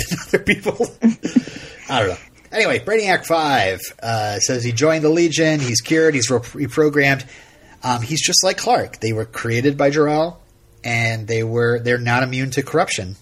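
A man talking casually as a podcast co-host, recapping a show in a loose, meandering way. His voice is a little husky and breathy, at a middle pitch, and he keeps stopping to restart his sentences with ums and uhs. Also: fairly bright tone. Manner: rambling, halting, with frequent fillers and laughs. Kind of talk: casual episode recap chat.

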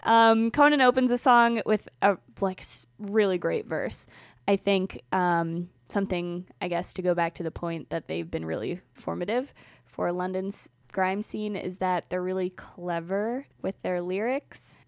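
A woman's voice: fairly low pitch, steady tone, a little slow, creaky, dry recording, clean studio sound. A young woman co-hosting a music podcast, chatting casually and enthusiastically with frequent ums and laughs. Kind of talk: casual music review chat.

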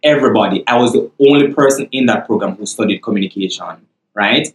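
A man with a Jamaican accent chatting on a podcast, telling a story with animated, laughing delivery. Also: lowish voice, fast, echoey room, low-quality recording. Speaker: podcast co-host. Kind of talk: casual podcast chat.

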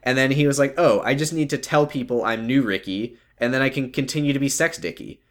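A man co-hosting a casual podcast, recapping a TV show with profane, animated rants. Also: medium pitch, fairly quick. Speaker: podcast co-host.

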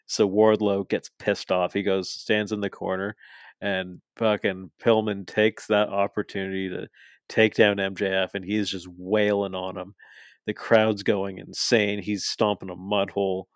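A man co-hosting a podcast, excitedly recapping wrestling in casual, profane chat and laughing as he goes. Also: on the low side, measured pace, dry recording, studio quality. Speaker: podcast co-host.

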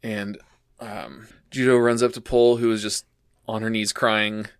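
A man's voice: lowish voice, little pitch movement, a little slow, smooth, dry recording, studio quality. A man co-hosting a casual podcast, steadily retelling an anime episode's plot with frequent "uh" and "um". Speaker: podcast co-host. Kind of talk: casual anime recap narration.

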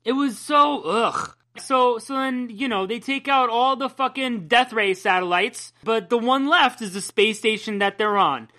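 A man's voice: extremely high pitch, unhurried, sharp tone. A man co-hosting a podcast, ranting casually and profanely about comics and laughing often. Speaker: podcast co-host. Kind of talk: casual comic book chat.

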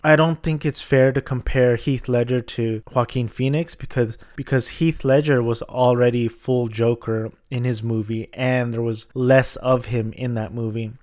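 A man's voice: medium pitch, darkish tone. Rambling man reviewing movies casually. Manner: rambling, frequent restarts and hedges. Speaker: movie vlogger.

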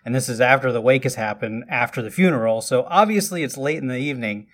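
A man's voice: mid-range voice, quick pace, fairly bright tone. Chatty man casually recapping a film. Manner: chatty, loose storytelling with frequent asides. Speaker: podcast host recapping a film.

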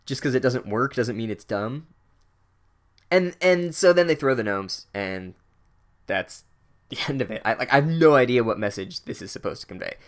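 A man's voice: mid-range voice, animated, normal speed. Man doing a sardonic book recap, casual and crude, heavy on filler words. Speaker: book reviewer. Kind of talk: sarcastic chapter recap.

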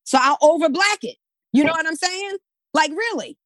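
A woman's voice: extremely high pitch, moderate pace, fairly bright tone, dry recording. A woman speaking as a guest in a conversational discussion, emphatic and often checking in with "right?".

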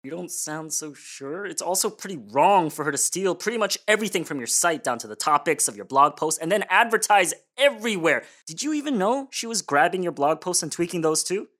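An actor playing a scheming young man in an audio drama, with a dry, deadpan, matter-of-fact delivery. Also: a little high, a little fast, hardly any pauses. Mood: sly.

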